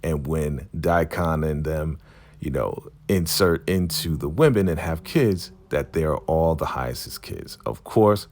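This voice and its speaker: A man casually recapping a TV episode in an animated way, acting out the characters' lines. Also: extremely low pitch, measured pace, a little hiss or hum. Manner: animated retelling, acts out quotes, laughs often. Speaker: TV recap vlogger.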